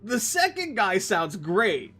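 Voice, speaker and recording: A man's voice: high voice, huge pitch swings, slow pace, sharp tone, breathy edge, soft background music. A young man streaming a game, chatting casually in a rambling, profane way with frequent restarts. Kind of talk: casual gaming stream chat.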